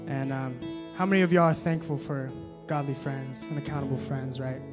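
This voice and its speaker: A young man preaching at a young adults service, moving between quiet reading and loud, emphatic exhortation, with casual fillers when he tells a story. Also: mid-range voice, fairly even intonation, normal speed, few pauses, music in the background. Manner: casual, many fillers when telling stories. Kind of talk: sermon.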